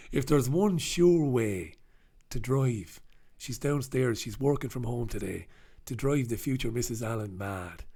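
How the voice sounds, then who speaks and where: A man's voice: medium pitch, expressive, measured pace, mellow, husky. A man hosting a solo comic newspaper review, rambling and swearing, breaking into snatches of song. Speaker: host.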